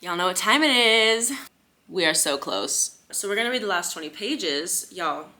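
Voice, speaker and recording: A woman's voice: lowish voice, animated, normal speed, background noise. A young woman chatting casually in a reading vlog, gushing and bubbly, with lots of "like" and "y'all". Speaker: book vlogger.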